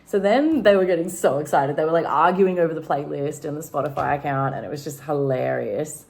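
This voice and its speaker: A woman's voice: sits low, moderate pace, vocal fry, hardly any pauses, a little mellow. An Australian woman vlogging casually at home, telling a rambling story full of fillers. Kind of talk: casual chat vlog.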